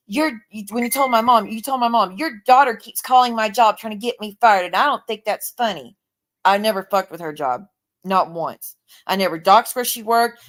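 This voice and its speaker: Woman host, tired, heated and profane, repeats her points. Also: medium pitch. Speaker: livestream host. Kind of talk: angry livestream rant.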